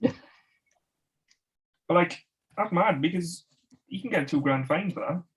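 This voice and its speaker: A man's voice: on the high side, a little slow, a bit bright, low-quality recording. Man laughing through anecdotes. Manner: laughing anecdote telling with acted quotes. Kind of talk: casual chat.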